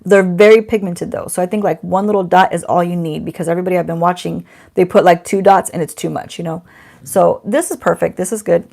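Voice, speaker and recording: A woman's voice: lowish voice, steady tone, brisk, creaky, a little mellow. A middle-aged woman doing a casual beauty unboxing at home, chatty and self-teasing, talking to the camera and to someone off camera. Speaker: beauty vlogger.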